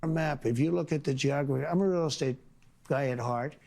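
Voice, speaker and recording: A man answers an interviewer in short, boastful, repetitive phrases that ramble on. His voice is gravelly and sits a bit high. He talks in a confident, sweeping way. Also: fairly quick, darkish tone. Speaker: president being interviewed.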